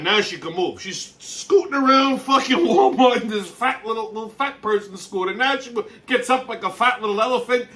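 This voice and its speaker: A man's voice: extremely high pitch, sharp tone, distant mic. A man hosting a show, ranting with lots of profanity and exasperation about a video clip, laughing in between. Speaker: host.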